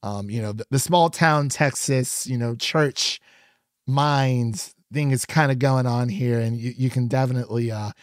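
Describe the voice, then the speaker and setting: A man's voice: medium pitch, measured pace, dry recording, studio quality. Chatty man hosting a podcast. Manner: chatty, laughs often, loose and rambling. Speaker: podcast co-host. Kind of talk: casual review chat.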